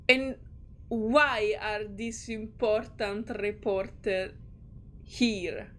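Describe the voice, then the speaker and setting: A woman's voice: medium pitch, steady tone, very slow, fairly bright tone. A woman streamer reading game text aloud and reacting in a chatty, giggly way. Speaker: gaming streamer.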